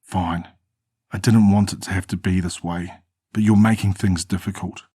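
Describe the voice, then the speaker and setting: Guy doing a smug young traitor, cold and low, dry close sound, horror storybook. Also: steady tone, moderate pace, mellow, breathy edge, no room sound. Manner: smug, matter-of-fact.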